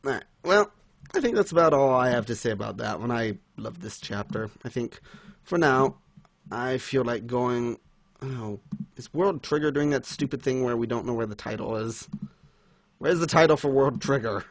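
His voice is medium in pitch with lively intonation, and he keeps a moderate pace. This podcast co-host casually walks through a manga chapter in a review chat. He laughs often and sounds giggly and excited.

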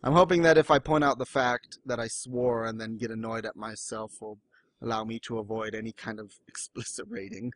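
A man chatting casually about manga as a podcast co-host, animated and breaking into exaggerated high voices when he quotes someone. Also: brisk, no echo.

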